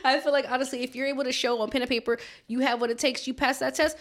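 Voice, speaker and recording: A woman chatting casually as a podcast guest, telling stories in an animated way with frequent laughter. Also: high-pitched, fast talker. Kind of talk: casual chat.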